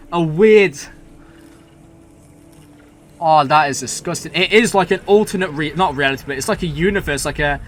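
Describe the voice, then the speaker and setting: A young man hosting a show reaction, rambling excitedly with lots of "like" and "man". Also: on the high side, a little hiss or hum. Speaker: reaction video host. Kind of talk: excited casual reaction talk.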